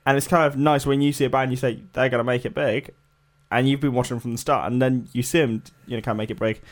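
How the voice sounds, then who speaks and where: Here a man with a medium-pitched, steady voice talks fast as co-host of an easygoing music podcast. His chat rambles and is thick with fillers and hedges.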